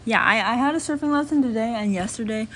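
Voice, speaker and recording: A woman's voice: on the high side, fast talker, fairly bright tone, a little hiss or hum. A woman hosting her own channel, chatting in a casual, rambling monologue full of filler words and restarts. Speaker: channel host.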